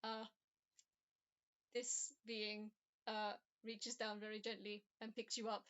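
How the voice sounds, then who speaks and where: A woman's voice: medium pitch, flat delivery, slow pace, fairly bright tone, clean tone. Woman game master, dull audio. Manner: many ums and uhs, descriptive. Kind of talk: narrating a tabletop game.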